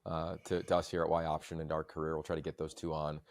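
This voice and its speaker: A man hosting a podcast, telling stories in a long-winded, animated way. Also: a bass voice, fast. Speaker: podcast host. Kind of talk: casual chat.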